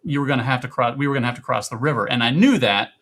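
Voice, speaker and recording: Bright-voiced man telling an animated story. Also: mid-range voice, racing. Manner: animated, acts out quoted voices loudly. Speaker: podcast guest. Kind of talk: casual storytelling.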